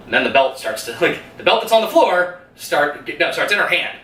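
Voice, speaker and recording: Animated, swearing man reviewing a movie. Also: a little high, brisk, few pauses. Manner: animated retelling, swears freely, laughs often. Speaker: podcast co-host. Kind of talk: casual movie review chat. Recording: roomy room, mic at a distance, faint hum.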